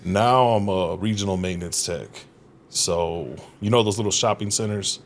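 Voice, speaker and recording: A man's voice: sits low, normal speed, a little hiss or hum. Profane, laughing storyteller man. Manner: profane, animated, laughs often, acts out quotes. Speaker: guest comedian. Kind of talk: casual storytelling chat. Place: podcast studio.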